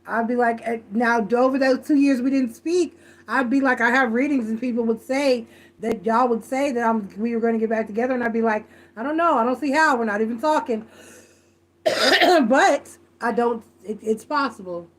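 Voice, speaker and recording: A woman's voice: on the high side, normal speed. A woman doing a live tarot reading, blunt, profane and rambling, stressing her points again and again. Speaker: tarot reader.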